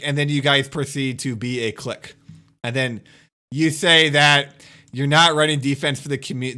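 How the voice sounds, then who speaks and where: Young male streamer, bright voice, exasperated scolding rant to camera. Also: medium pitch. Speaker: YouTuber and streamer. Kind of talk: ranting commentary to viewers.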